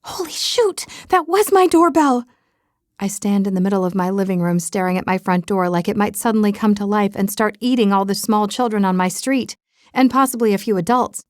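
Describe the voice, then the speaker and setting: A woman's voice: mid-range voice, fairly even intonation, fairly quick, a little mellow, smooth, no echo, clean studio sound. A woman reading a first-person romance audiobook with a wry, comic storytelling manner. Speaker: audiobook narrator. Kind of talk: scripted first-person narration.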